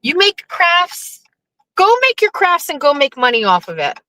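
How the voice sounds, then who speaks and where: A woman in her fifties chatting casually from a moving vehicle, excitable and laughing, swearing freely. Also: sits high, unhurried, no room sound, low-quality recording. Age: 50s. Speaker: vlogger. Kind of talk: casual chat. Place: riding in a vehicle.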